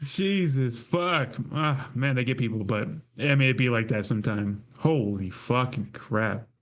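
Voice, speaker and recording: An excitable man co-hosting a casual podcast chat, swearing freely and getting loud when he tells a story. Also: mid-range voice, unhurried. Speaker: podcast co-host.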